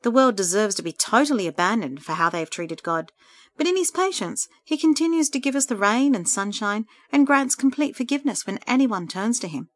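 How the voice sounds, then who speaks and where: A woman reading a story aloud, voicing a kind woman friend who speaks gently and encouragingly. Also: a little high, lively intonation, brisk, voice pushed up, lightly acted.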